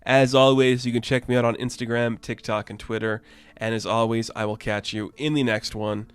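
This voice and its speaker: A man's voice: mid-range voice, flat delivery, moderate pace, clean tone, no echo. A young man giving a casual, enthusiastic and rambling video review as the channel host. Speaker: comic book reviewer.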